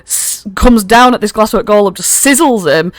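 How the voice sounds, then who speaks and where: A woman's voice: mid-range voice, normal speed, dry recording. A woman runs a tabletop game as game master, narrating casually with swearing and frequent fillers. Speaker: dungeon master.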